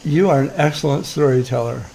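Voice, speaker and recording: A man's voice: mid-range voice, a little fast, gravelly, crowd noise. A man rambling through a chat, chuckling as he reads off stories. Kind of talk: casual chat.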